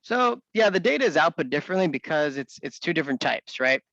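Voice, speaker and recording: A man walking through a software demo in a casual, think-aloud manner with frequent restarts. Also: fairly high pitch, very animated, fast talker, vocal fry, no room sound, muffled recording. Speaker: software developer demonstrating. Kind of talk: screen-share walkthrough.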